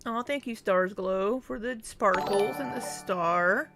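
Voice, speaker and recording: A woman's voice: medium pitch, takes it slowly, music in the background. Laughing young woman reading her chat. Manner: laughs often between chat replies; reads out viewer names and thanks them. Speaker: livestream host. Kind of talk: casual livestream chat reading.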